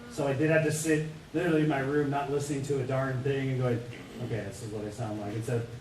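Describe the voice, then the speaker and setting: A man actor telling an animated anecdote on a convention panel. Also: medium pitch, fast, a little hiss or hum. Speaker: stage and voice actor. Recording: echoey room, distant mic, crowd.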